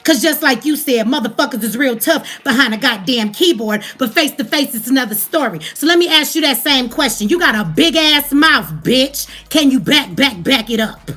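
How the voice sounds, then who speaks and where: High-voiced woman with an African American English accent, fired-up profane vlog rant, faint music behind. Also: lively intonation, moderate pace, hardly any pauses, a bit bright. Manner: profane, heated, calls out her audience. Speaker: commentary vlogger. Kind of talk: ranting commentary.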